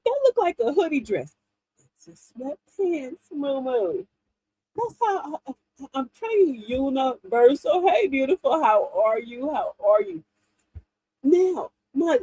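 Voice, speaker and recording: In this casual livestream chat, a middle-aged woman tells stories with lots of laughter and animation. Her voice sits high. The livestream mic picks her up with no echo, though the recording quality is low.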